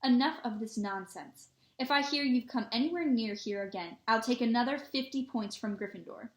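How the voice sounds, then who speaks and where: A woman's voice: on the high side, moderate pace, lightly acted. A woman doing a stern older professor. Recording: echoey room.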